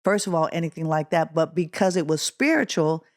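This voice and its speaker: A middle-aged woman guest from Oakland, California, telling a personal story in an interview. Her voice sits low but moves a lot, and she leaps up in pitch to act out the quoted lines. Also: fairly quick. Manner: animated, acts out quotes with rising pitch. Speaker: guest musician.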